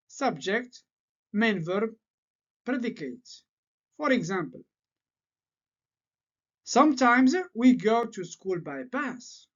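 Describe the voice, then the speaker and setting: A man whose first language is French teaches an English grammar lesson at an unhurried, careful pace. His pitch rises and falls in a lively way as he explains. The recording sounds a little dull and lo-fi. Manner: slow, deliberate explaining with repeated patterns.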